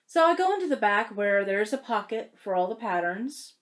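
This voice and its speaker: Young woman crafter, chatty vlogger, animated storyteller with a pitch that swings high and low. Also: moderate pace. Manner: animated storytelling, emotional and tearful at times. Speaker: cross-stitch vlogger. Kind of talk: casual chat to camera.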